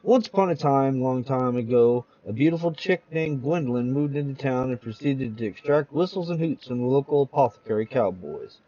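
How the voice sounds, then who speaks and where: A man's voice: mid-range voice, animated, a little fast, few pauses, warm tone, lo-fi sound. A man hosting a show and reading a comic aloud, narrating with a playful, theatrical delivery.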